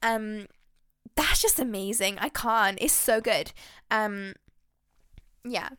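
A woman hosting a faith podcast, talking in an excitable, heartfelt and rambling way. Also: medium pitch, takes it slowly, smooth, no room sound, clean studio sound. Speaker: podcast host.

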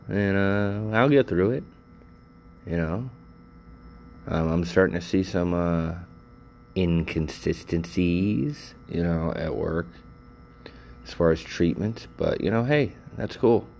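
An older male vlogger chats casually and rambles to his viewers, full of fillers and swearing. His voice is low-pitched, creaky, and a little mellow, a bit slow with long pauses, and a little hiss or hum runs under the recording.

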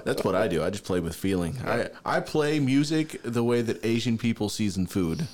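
A man with a low voice tells a story in a relaxed, casual chat. He is an animated storyteller, and his voice leaps upward when he acts out his own younger self. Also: normal speed. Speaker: podcast co-host.

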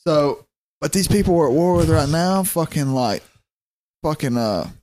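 A man's voice: fairly high pitch, lively intonation, moderate pace, darkish tone, dry recording. A young man co-hosting a podcast in casual chat, rambling with lots of fillers and swearing freely. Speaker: podcast co-host.

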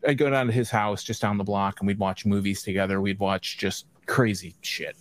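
A man's voice: lowish voice, steady tone, moderate pace. A man guesting on a casual podcast chat, talking in a rambling, hesitant way with many ums.

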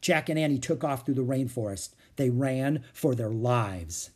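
A man reading a children's chapter book aloud as a storyteller, with expressive, animated delivery. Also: mid-range voice, a little slow.

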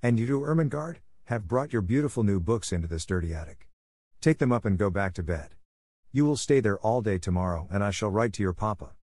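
A man's voice: on the low side, expressive, brisk, a little mellow, no room sound, studio quality. Man doing a furious, scolding schoolmistress. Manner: cutting, scolding. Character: stern, furious female schoolmistress.

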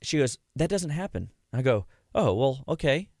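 A man's voice: mid-range voice, very animated, moderate pace, a little mellow, no room sound, studio quality. A middle-aged man hosting a casual radio health talk, a chatty storyteller who acts out what his patients said. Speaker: health practitioner and show host.

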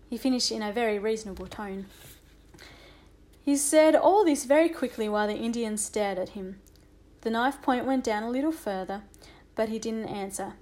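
A woman narrating a children's audiobook with a lively, expressive reading. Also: a little high, normal speed.

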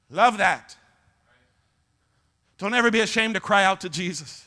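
Male pastor preaching a fiery church sermon, pitched very high with a piercing, forceful tone. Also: lively intonation, unhurried, long pauses. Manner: impassioned preacher, shouts to the congregation for response. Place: church service.

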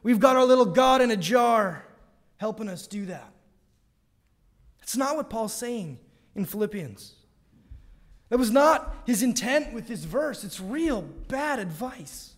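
A male pastor delivers a sermon in a notably high voice. He presses his points with rhetorical questions and sudden quiet emphasis. His words ring out with a long reverb, as in a church sanctuary. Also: expressive, unhurried, pauses often.

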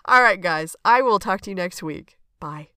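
A woman's voice: medium pitch, animated, moderate pace, pushed and bright, soft background music. A woman hosting a reflective solo podcast, talking in an earnest, conversational way and often checking in with "okay?". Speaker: podcast host and coach.

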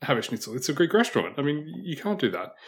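An exasperated middle-aged mother scolds in a sharply raised, incredulous voice, as a man puts her on while telling a story. Her pitch leaps well above his own. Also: big pitch swings, fast talker. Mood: scolding.

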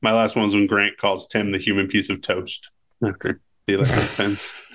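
Male co-host, slightly low voice, easygoing and conversational, lots of "like" and "um". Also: normal speed. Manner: relaxed, says "like" and "um" often. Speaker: podcast co-host. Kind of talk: casual movie chat.

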